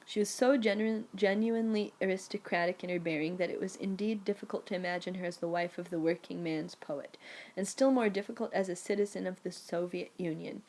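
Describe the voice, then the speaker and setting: A woman reading a memoir audiobook aloud in a lively, storytelling manner. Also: fairly low pitch, a little fast. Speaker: audiobook narrator. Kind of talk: scripted first-person narration.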